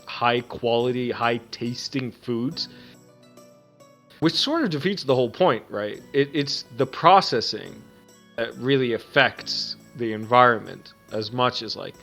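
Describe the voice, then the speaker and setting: A man's voice: medium pitch, pushed and bright. Man, podcast co-host, casual rambling chat, jokey, laughs a lot, faint music behind. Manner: rambling, joking, laughs often.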